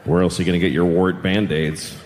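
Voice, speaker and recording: A middle-aged man from the Boston area doing stand-up comedy in a deadpan, sardonic, conversational way. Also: sits low, brisk, in a large hall, slight background noise. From Boston area, United States.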